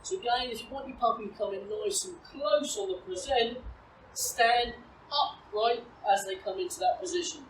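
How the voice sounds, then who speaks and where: A woman teaching puppy recall outdoors, explaining calmly and switching to high, bright praise when she calls the dog. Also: moderate pace. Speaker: dog trainer. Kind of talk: outdoor training demonstration. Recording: roomy, distant, faint ambient noise.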